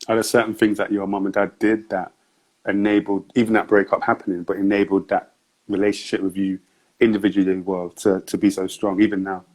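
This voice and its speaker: A man hosting a casual interview, easygoing, often answering with quiet "mm" sounds and chuckles. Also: sits low, little pitch movement, fairly quick, rough recording. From United Kingdom. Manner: easygoing, frequent "mm" affirmations, chuckles. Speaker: podcast host.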